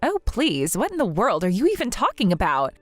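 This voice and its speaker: A woman's voice: medium pitch, wildly swooping pitch, a little fast, dry recording, faint music behind. A woman putting on Julia, a sneering snob. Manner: sneering and gloating. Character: snobbish, mocking rich woman sister-in-law. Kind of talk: dramatized story voice acting.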